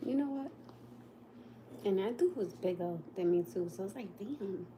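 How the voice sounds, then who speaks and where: An American woman chats on a home livestream, talking straight to her viewers with a loose, joking energy and frequent laughs. She sits at a middle pitch for a woman. Steady background noise runs under her voice. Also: moderate pace. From United States. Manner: chatty, laughs often, talks straight to viewers. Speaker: livestream host. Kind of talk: casual livestream chat. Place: at home, snowed in.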